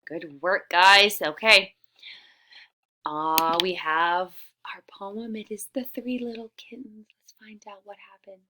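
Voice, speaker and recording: A woman teacher leading a reading lesson for young children, stretching her words clearly and often dropping to a whisper. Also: mid-range voice, background noise. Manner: slow, drawn-out, over-enunciated words.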